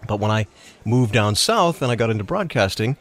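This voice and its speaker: A man's voice: lowish voice, lively intonation. A man from Massachusetts hosting a radio show, chatting casually and telling stories with an easy laugh. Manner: chatty, storytelling, quick to laugh. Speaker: radio host. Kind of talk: casual on-air chat.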